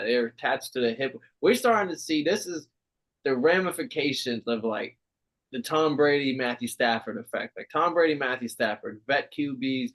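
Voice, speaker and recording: Animated man in casual sports chat. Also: medium pitch. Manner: animated, swearing, laughing often. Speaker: podcast co-host.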